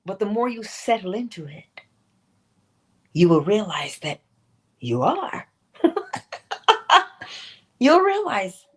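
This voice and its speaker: A woman's voice: on the low side, expressive, unhurried, pauses often, darkish tone, husky. A woman hosting a spiritual morning livestream talk, playful and laughing often as she acts out little quotes.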